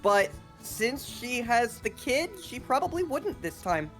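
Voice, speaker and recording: Woman player, teasing and sarcastic, lively pitch, casual table chat. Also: a little slow, faint music behind.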